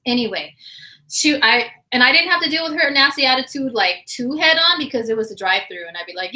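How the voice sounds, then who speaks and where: A woman hosting a livestream chat, telling a story in a casual, animated, slangy way and acting out quotes, her voice slightly hoarse. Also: sits high, fairly quick, low-quality recording. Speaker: livestream astrology host.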